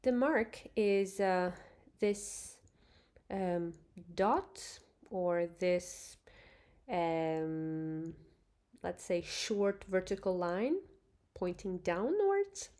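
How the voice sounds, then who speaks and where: Patient woman language teacher, very slow delivery, demonstrates each sound. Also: fairly low pitch, big pitch swings, dark tone. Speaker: Thai script teacher. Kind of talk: online language lesson.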